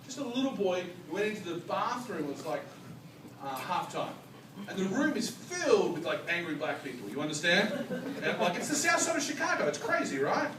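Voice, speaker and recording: A man with an Australian accent performing live stand-up comedy, telling stories in a rambling, animated way with a lot of "like". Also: high voice, a little fast. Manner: animated, rambling, heavy use of "like". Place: comedy club bar stage. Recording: roomy live club from a distance. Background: loud audience laughter and crowd noise.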